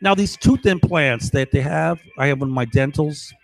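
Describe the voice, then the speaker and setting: A man's voice: on the high side, moderate pace, gravelly, no room sound, low-quality recording. A man at home talking into a microphone in a rambling, agitated live monologue, swearing and repeatedly checking in with "right?" and "okay?". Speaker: livestreamer. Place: at home, indoors.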